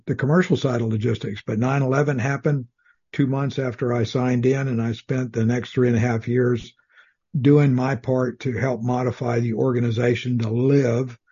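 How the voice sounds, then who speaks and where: Brief: older male guest from South Texas, calm and soothing, mellow husky tone. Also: mid-range voice, normal speed, highs cut off. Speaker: guest, retired Army officer. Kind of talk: casual interview.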